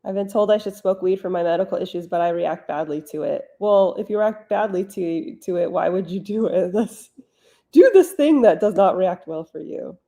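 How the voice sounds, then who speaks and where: A woman's voice: on the low side, moderate pace, dark tone. A woman author hosting a live writing stream from home, answering chat questions in a blunt, wry, casual way.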